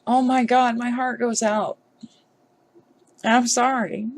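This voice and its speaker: A woman vlogger giving emotional commentary on a news story, upset and halting, with sighs. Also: fairly high pitch, flat delivery.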